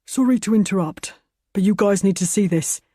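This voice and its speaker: A woman voicing an anxious young man who speaks in a hurried, uneasy way. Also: medium pitch, warm tone, no room sound, clean studio sound, close to an everyday voice.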